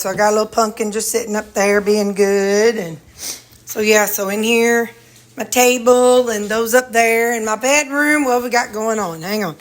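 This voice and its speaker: A woman with a Missouri accent rambles through a casual home tour vlog, stopping to talk sweetly to her dogs. She speaks into a handheld phone indoors in her own house, loose and chatty. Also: mid-range voice. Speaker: vlogger.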